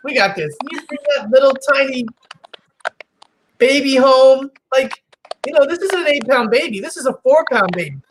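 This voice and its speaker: A middle-aged woman with a high voice chats casually and tells animated stories. She acts out other people's lines and laughs often. A steady hiss of noise sits behind her. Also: moderate pace, rough recording. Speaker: host. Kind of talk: casual chat.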